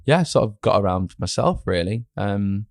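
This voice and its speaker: A man's voice: lowish voice, expressive, normal speed, dry recording, clean studio sound. A young man, an actor chatting as a guest in a casual interview, rambling with many restarts and fillers.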